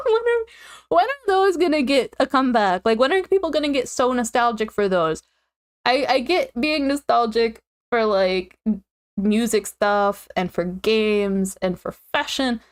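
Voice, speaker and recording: Young woman, high voice, tired, giggly casual streamer chat. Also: clean tone. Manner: chatty, giggly, animated swings in pitch. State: tired, yawning.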